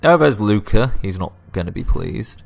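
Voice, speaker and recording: A man's voice: lowish voice, lively intonation, normal speed, gravelly. A man narrating a video game playthrough, cracking self-deprecating jokes. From England, Lancashire. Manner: joking, self-deprecating asides. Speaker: let's play host. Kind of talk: video game let's play commentary.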